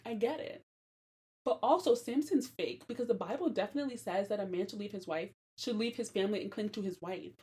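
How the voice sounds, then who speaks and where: A young woman hosting a podcast, giving casual commentary on a Bible story, animated and slangy and laughing often. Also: mid-range voice, brisk. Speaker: podcast host.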